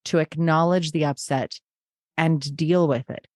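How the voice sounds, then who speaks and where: Middle-aged woman, low register, earnest guest, acts out past dialogue, dry close mic. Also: fairly even intonation, unhurried, a little mellow, no room sound. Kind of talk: conversational interview.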